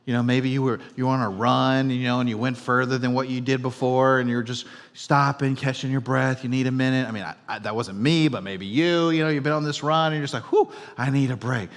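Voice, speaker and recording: Pastor preaching in a reverberant hall. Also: male voice, medium pitch. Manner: conversational storytelling, swinging between loud and hushed. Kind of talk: sermon. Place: church auditorium. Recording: long reverb of a church hall.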